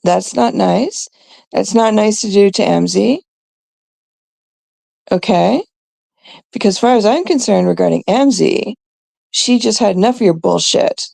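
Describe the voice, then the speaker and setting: A woman from Canada hosting a live stream, scolding and ranting bluntly at a troll, her talk full of fillers and pauses. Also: medium pitch, creaky, dark tone, dry recording.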